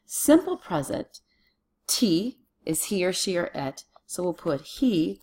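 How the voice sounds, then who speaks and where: A woman's voice: lowish voice, sing-song, slow pace, a little mellow, slightly rough. A woman teaching a Latin lesson to children on video, working patiently through a worksheet and talking herself through each step.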